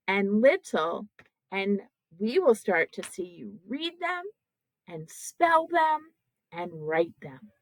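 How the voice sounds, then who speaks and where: A woman teaching kindergarten children, sounding out words slowly syllable by syllable in a patient, encouraging way. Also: mid-range voice, rough recording.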